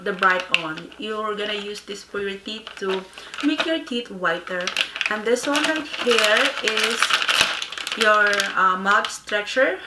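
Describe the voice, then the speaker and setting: Sitting down at home, a woman vlogger reviews a product casually, speaking haltingly with many pauses and fillers and a slight lisp from her aligners. Her voice is medium-pitched, recorded on a phone camera in an echoey room with background noise.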